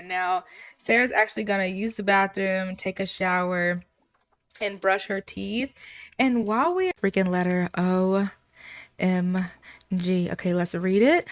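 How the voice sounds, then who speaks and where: A woman giving casual let's play commentary, retelling scenes with lively acted quotes. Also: medium pitch, a little slow. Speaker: gameplay narrator.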